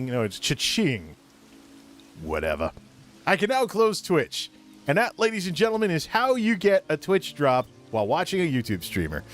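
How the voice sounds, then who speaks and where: A somewhat high-voiced man with a scratchy, hoarse throat chats through his game stream. He keeps slipping into a jokey mock-British presenter voice, his pitch bouncing all over the place. Faint music plays underneath. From United States. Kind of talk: casual gameplay stream chat.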